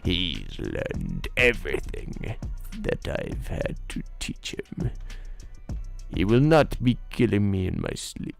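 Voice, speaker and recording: A gloating, sinister old sith lord, put on by a man for a moment. He speaks in a breathy, half-whispered hush that drips with menace, his voice pulled low and slow. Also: huge pitch swings, faint music behind, full character voice.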